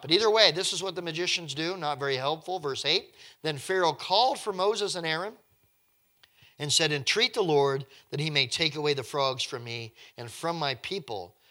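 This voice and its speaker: A man's voice: medium pitch, bright, forceful tone. A male preacher giving a conversational Bible teaching, reading scripture aloud and breaking in with wry, joking asides.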